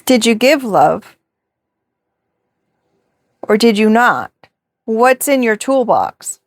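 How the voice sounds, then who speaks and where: Reflective woman reader, higher voice, close dry mic, rhetorical questions. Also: very animated, slow, dry recording. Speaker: tarot reader. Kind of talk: spiritual reading to camera.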